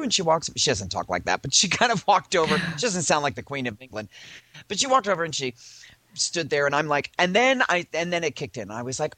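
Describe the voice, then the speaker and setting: Man storyteller, bright husky voice, lively and theatrical, mimics voices, dry close mic. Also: a little high, fast talker, no room sound. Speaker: podcast co-host. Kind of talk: casual storytelling chat.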